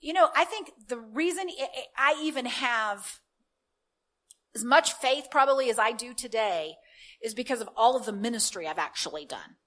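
A woman delivering a sermon with a fairly high voice. She tells stories casually, full of restarts and asides, then prays in fervent, declarative bursts. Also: moderate pace. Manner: animated, conversational, breaks into fervent declarative prayer. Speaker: preacher. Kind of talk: sermon with storytelling and prayer.

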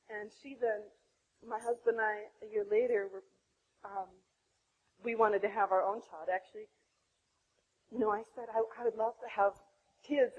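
A woman in her thirties from the United States, telling a faith testimony in a sermon style, emotional and animated, laughing as she tells it. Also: a little high, lo-fi sound, a little hiss or hum. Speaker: speaker giving a testimony.

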